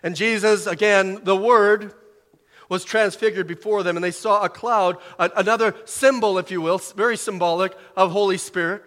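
A man preaching a sermon in short, emphatic phrases, swelling loud and dropping soft as he reads scripture. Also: high voice, steady tone, moderate pace, in a large hall.

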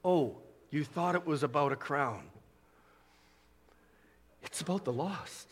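A man's voice: fairly high pitch, unhurried, fairly bright tone, slightly rough, in a large hall. A man preaching a sermon as pastor, building to emphatic peaks. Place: church sanctuary.

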